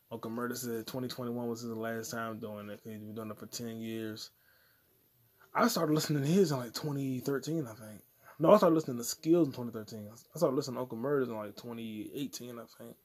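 A man's voice: mid-range voice, vocal fry. A man hosting a solo podcast, rambling crudely and profanely from topic to topic. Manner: crude, profane, jumps between topics, puts on mock voices. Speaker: podcast host.

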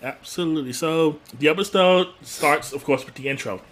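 A man casually recapping a sitcom episode as co-host, animated and acting out quotes in his storytelling. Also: on the high side, moderate pace. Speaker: podcast co-host.

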